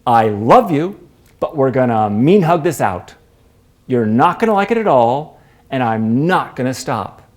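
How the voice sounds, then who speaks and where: A man voicing a blunt female construction worker who gives tough advice, spoken slowly and with emphasis in a storytelling performance. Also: mid-range voice, animated, a little mellow. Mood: teasing.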